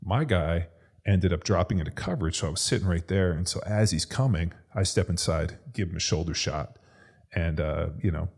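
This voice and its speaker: A man with a very low voice tells a story in casual podcast chat. He swears constantly and talks in an animated way. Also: normal speed, gravelly, husky. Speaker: podcast co-host, former NFL lineman.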